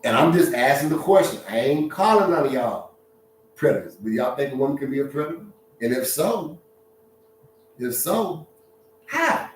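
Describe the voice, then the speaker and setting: A man's voice: mid-range voice, big pitch swings, normal speed, long pauses, slight background noise. A man, hosting a casual live-stream monologue, joking and laughing often and acting out voices. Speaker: social media talk host. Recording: echoey room, far from mic.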